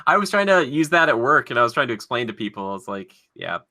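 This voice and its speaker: A young man hosting a podcast, chatting casually and running a movie quote quiz, animated and quick to laugh as he acts out lines. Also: medium pitch. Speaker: podcast host.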